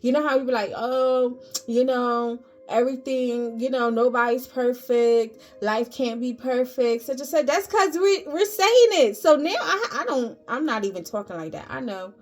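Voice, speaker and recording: A woman's voice: on the high side, moderate pace, hardly any pauses. A woman giving a casual motivational talk to her viewers, emphatic and preachy, repeating phrases. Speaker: vlogger.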